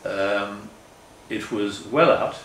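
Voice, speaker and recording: A man's voice: fairly low pitch, very slow, a bit bright, distant mic, a little hiss or hum. An older man giving a public talk with slides in a meeting hall, speaking earnestly and rambling, often correcting himself. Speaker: guest speaker. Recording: echoey room, faint ambience.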